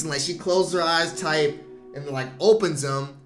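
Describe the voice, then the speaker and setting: A man casually recapping a horror movie, animated and slangy, acting out the characters' lines and laughing often. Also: medium pitch, normal speed, roomy sound, over music. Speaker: movie reviewer.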